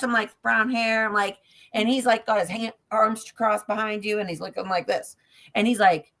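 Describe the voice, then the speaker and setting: A woman's voice: medium pitch, moderate pace. A woman working as a ghost tour guide, telling a story on a talk show, acting out each person's lines and laughing often. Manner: lively storyteller who acts out every voice in the story; laughs often and jokes about herself. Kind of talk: animated anecdote on a talk show.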